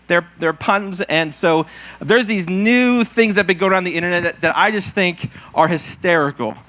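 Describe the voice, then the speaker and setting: A man's voice: sits high, moderate pace, bright, forceful tone. A playful man with a slightly raised voice, a pastor working through prayer and church notices. He loves a pun, acts out jokes in goofy voices and chuckles at his own lines. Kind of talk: church service prayer and announcements.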